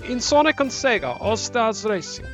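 A man's voice: very high-pitched, very animated, normal speed, faint music behind, pitched above the performer's own voice. A man putting on a comic foreign accent to read out an advert, hamming it up and giggling through it. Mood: hammy. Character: mock foreign-accented male ad announcer.

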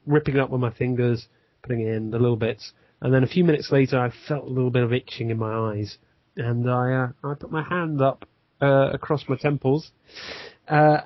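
A man's voice: mid-range voice, no room sound. Rambling male podcast co-host, dry lo-fi sound. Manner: rambling, self-deprecating storyteller. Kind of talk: casual podcast chat.

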